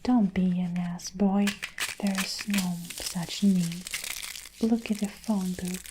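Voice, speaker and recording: A woman's voice: lowish voice, steady tone, takes it slowly, background noise. Woman whispering a scornful tyrant headmistress. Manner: barking, scornful. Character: domineering harsh headmistress, woman, middle-aged. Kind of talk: whispered role-play.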